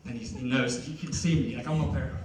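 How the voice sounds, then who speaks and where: On stage at a concert venue, a young adult man from Ohio rambles through a self-deprecating comedy routine packed with fillers. He speaks in a mid-range, somewhat mellow voice at a slightly fast clip. Captured from afar in an echoey hall, the audio carries slight background noise.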